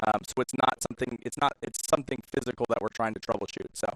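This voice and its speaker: A man's voice: medium pitch, steady tone, quick pace, fairly bright tone, no echo, poor audio. A man casting a live game tournament, chatty and filling dead air while troubleshooting. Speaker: shoutcaster. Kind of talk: esports commentary.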